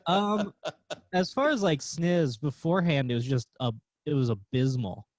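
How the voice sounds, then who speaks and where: A man's voice: on the high side, lively intonation, normal speed, no room sound. A man appearing as a comedian guest on a podcast, telling laid-back, self-deprecating stories. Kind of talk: casual chat.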